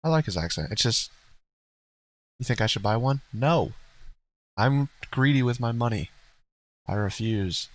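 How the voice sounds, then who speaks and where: A man's voice: medium pitch, animated, unhurried, pauses often, no echo, poor audio. A man co-hosting a livestream in casual, rambling chat, blunt and profane, laughing now and then. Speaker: streamer co-host.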